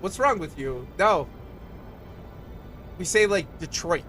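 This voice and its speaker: Chatty Southwest Michigan man, higher voice. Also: sing-song, slow, a bit bright, faint music behind. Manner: rambling, filler-heavy, reads chat aloud. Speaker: streamer. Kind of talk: casual chat with viewers.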